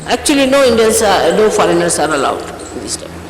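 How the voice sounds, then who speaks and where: A woman in her sixties delivers a stern, reproachful address, her pitch leaping up and down with lively emphasis. Her voice rings through a large hall with a long, echoing reverb. A faint hum of ambience sits under this old archive tape. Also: brisk. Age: 60s. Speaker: spiritual teacher. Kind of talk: scolding address to followers.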